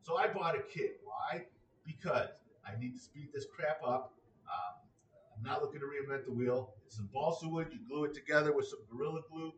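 A man's voice: mid-range voice, lively intonation, normal speed, a bit bright, far from the mic, a little hiss or hum. Exasperated man ranting in an echoey room. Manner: exasperated, sarcastic, swears freely. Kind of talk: casual ranting monologue.

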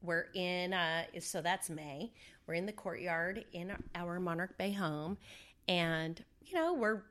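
A woman's voice: lowish voice, expressive, slow, fairly bright tone. A middle-aged woman speaks as an interview guest, telling a personal story in a loose, conversational way. She leans on fillers and plays back the words people said at the time. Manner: conversational, with fillers and re-enacted dialogue.

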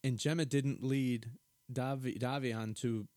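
A middle-aged man co-hosts a loose podcast in a wry, playful way and swears freely. His voice has a typical male pitch, and the recording is close and dry with no room echo. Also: steady tone, measured pace, a little mellow. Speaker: podcast co-host. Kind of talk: casual chat recapping a reality show.

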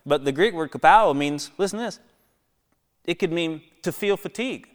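A man's voice: animated, moderate pace. Preaching man in an echoing hall. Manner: swings from hushed near-whispers to loud, high exhortations; rhetorical questions and calls to the congregation. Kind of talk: sermon. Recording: long echo of a large hall.

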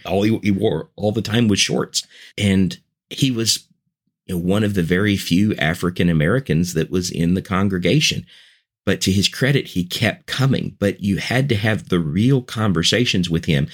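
A man speaking earnestly as a podcast guest and preacher, making his case point by point in relaxed conversation. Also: sits low. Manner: earnest, persuasive, building points in lists.

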